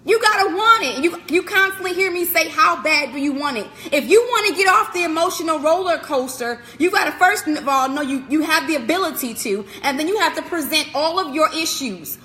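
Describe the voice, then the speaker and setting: A woman's voice: high-pitched, lively intonation, a little fast, hardly any pauses, bright, forceful tone, in a large hall. A woman speaker giving a live-streamed inspirational message, preaching emphatically with repetition and direct address to the listener. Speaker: motivational speaker.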